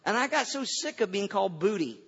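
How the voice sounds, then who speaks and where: A man's voice: high voice, sing-song, fairly quick, fairly bright tone, a little hiss or hum. An older man, a pastor, preaching a folksy sermon and often repeating his first words before a thought. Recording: dull sound with long hall reverb.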